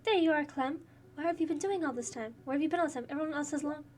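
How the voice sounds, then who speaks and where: A woman's voice: high-pitched, very fast, recorded from a distance, slight background noise, close to an everyday voice. A woman voicing a kind, motherly older woman who runs an orphanage, with faint game music behind. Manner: warm, motherly.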